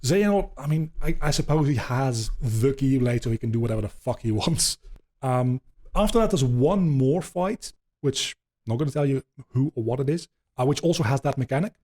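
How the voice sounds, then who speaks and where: A man talks through video game lore in a loose, rambling way, full of ums and casual swearing. His voice is mellow and mid-pitched, and his manner stays relaxed. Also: brisk. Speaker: podcast host.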